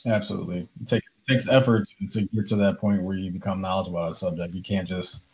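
A man hosting an interview, speaking in a measured way with hesitant "um"s and "you know"s. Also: deep voice, fairly even intonation, darkish tone, breathy edge. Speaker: podcast host. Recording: dull lo-fi sound.

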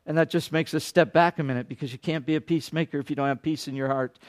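A man preaching a sermon, swinging between loud, urgent lines and hushed, quiet ones, and briefly acting out the people he quotes. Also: a little high, fairly even intonation, fast talker. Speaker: pastor.

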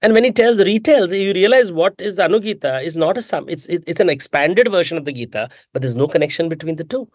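A man, an author answering interview questions in an animated, emphatic way, with rhetorical questions and frequent self-corrections. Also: fairly high pitch, quick pace, few pauses, dry recording, studio quality. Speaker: author and mythologist guest.

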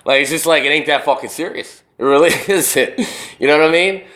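Bright-voiced man ranting on his podcast. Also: on the high side, brisk. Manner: profane, rambling, emphatic. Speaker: podcast host. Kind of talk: casual solo podcast rant.

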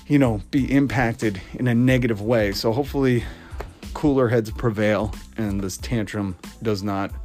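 Sarcastic ranting male podcast host. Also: lowish voice. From Boston. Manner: mock-quotes others in put-on voices. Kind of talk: casual opinion rant.

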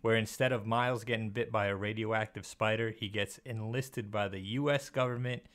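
Bright-voiced joking man on a podcast. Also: lowish voice, steady tone, moderate pace. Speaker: podcast co-host. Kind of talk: casual comic book chat.

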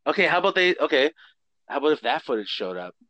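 A man's voice: on the high side, sing-song, fast talker, bright, forceful tone, dry recording. A man co-hosting a casual chat, joking and teasing, laughing often.

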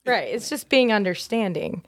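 A woman's voice: medium pitch, animated, normal speed, no echo, studio quality. A woman guest on a podcast, chatting casually and filling her talk with "like". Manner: chatty, many "like" fillers. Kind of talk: casual chat.

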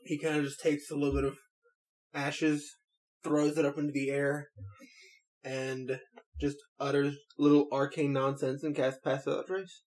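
A man's voice: fairly high pitch, little pitch movement, measured pace, a little mellow, poor audio. Playful, laughing man at a game table. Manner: laughs easily, swears, playful. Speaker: player.

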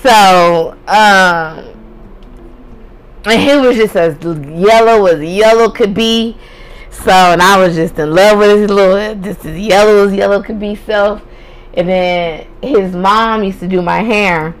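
A woman's voice: medium pitch, slow pace, clean tone, low-quality recording. A young woman hosting a podcast, telling a personal story in a candid, profane way and laughing often. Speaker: podcast host. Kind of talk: casual storytelling.

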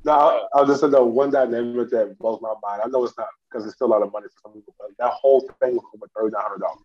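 A man co-hosting a casual podcast chat, reflective and quick to laugh. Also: mid-range voice, fairly even intonation, husky. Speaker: podcast co-host. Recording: muffled lo-fi mic.

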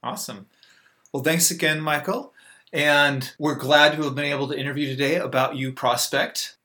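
A man's voice: a little high, fairly even intonation, normal speed, bright, forceful tone. A man hosting a podcast interview, affirming his guest and wrapping up with thanks. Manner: affirming, wraps up with scripted thanks. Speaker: podcast host. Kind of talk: interview conversation.

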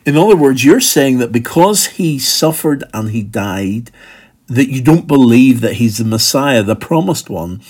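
A man's voice: medium pitch, lively intonation, measured pace, darkish tone, slightly rough. A man delivering a sermon in a mid-range voice. He explains his point step by step in a conversational way and now and then slips into acting out what someone might have said. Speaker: preacher.

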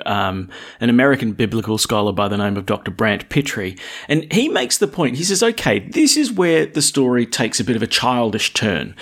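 A man delivering a sermon in an easy, conversational manner, his voice sitting at an ordinary middle pitch. He tells the story with lively rhetorical questions. He slows and lowers his voice to read scripture. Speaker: preacher.

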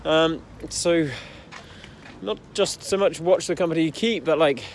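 A man's voice: fairly high pitch, a little slow, a little hiss or hum. Heated, rambling man telling his story. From English Midlands. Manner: rambling, heated, swearing, many fillers. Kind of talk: casual personal storytelling.

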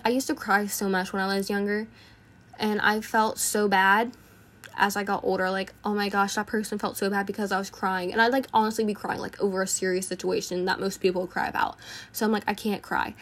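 A teenage girl talks through a casual personal podcast monologue. She sounds earnest and reflective, with a voice of ordinary middle pitch, and her thoughts come out in short bursts. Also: a bit bright. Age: teens. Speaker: podcast host.

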